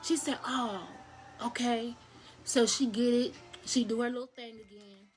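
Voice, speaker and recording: High-voiced woman telling a crude story. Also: moderate pace, faint music behind. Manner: blunt, crude, animated storytelling addressing viewers. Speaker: storyteller vlogger. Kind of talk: casual storytime to camera.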